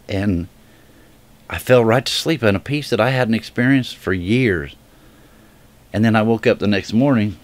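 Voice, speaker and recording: A man giving an emotional personal religious testimony straight to viewers. He speaks earnestly and haltingly, often restarting his sentences. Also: lowish voice. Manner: earnest direct appeal to viewers. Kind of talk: heartfelt personal testimony to camera.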